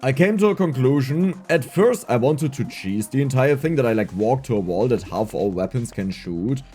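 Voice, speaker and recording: Man, gameplay commentary, lively swooping pitch, mellow tone, scratchy strained voice, faint music. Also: normal speed, husky. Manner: excitable, laughs often, talks to himself. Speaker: gaming YouTuber.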